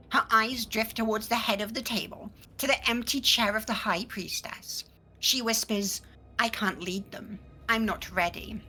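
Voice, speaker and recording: A woman giving a soft, measured dramatic reading of a scene in a tabletop game. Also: mid-range voice, rough recording. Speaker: player reading a scene aloud.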